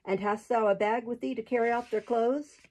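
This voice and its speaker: A woman's voice: fairly high pitch, fairly even intonation, normal speed, darkish tone, natural voice. A woman doing a growling, surly sheriff. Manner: growling and impatient. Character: surly, greedy male sheriff, harsh and scornful.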